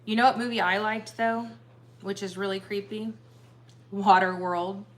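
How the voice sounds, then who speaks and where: A woman on a casual livestream, chatting with her husband and reading viewer comments aloud, rambling and relaxed. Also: mid-range voice, normal speed. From United States. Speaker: livestream co-host.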